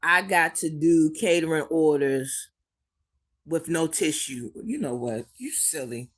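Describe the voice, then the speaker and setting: A woman hosts a live chat from home, talking very slowly with her voice on the edge of tears. She repeats her words of encouragement and calls her viewers sweetie and baby. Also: low voice, expressive. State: holding back tears. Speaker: livestream host reading chat.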